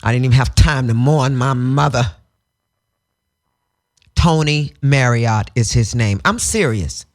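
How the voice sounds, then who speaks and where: A woman's voice: very deep voice, a little slow, long pauses. A woman guest in a radio studio interview, telling stories candidly in a theatrical, profane way and breaking into sung phrases.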